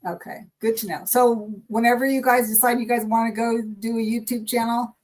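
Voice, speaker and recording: A woman's voice: on the high side, steady tone, fairly quick, a little mellow, low-quality recording. Chatty upbeat woman hosting a stream. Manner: upbeat, chatty, easily delighted. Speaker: livestream reading host. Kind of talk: casual livestream chat.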